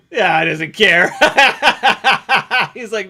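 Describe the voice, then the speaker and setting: A man chatting casually while flying a drone on a live stream, excitable, laughing and swearing, talking to his dog. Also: sits high, very slow. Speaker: FPV drone pilot and streamer.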